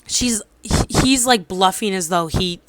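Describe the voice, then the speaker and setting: A woman's voice: mid-range voice, a little slow, a bit bright, a little hiss or hum. A woman in her twenties casually recapping a drama, rambling with lots of fillers and losing track of details. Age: 20s. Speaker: drama reviewer.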